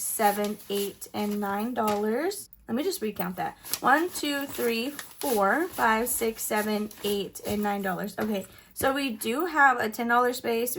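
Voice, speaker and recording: A chatty woman hosting a budgeting vlog, counting bills out loud and dropping little giggly asides. Her voice sits a touch high, and she keeps a relaxed, conversational flow. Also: slight background noise. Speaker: budgeting vlogger. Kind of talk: casual vlog narration.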